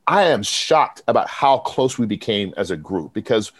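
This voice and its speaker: Recorded with no room sound, a Texan professor and program director tells stories at a moderate pace, his voice on the low side. The interview is casual, and he animatedly quotes what others said in lively bursts.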